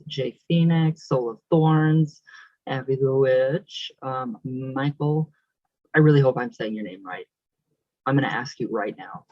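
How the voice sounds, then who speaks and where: A man's voice: mid-range voice, husky, no room sound, dull audio. A young man hosting his channel, reading out viewer comments in a casual, affectionate, emotional way with frequent laughs.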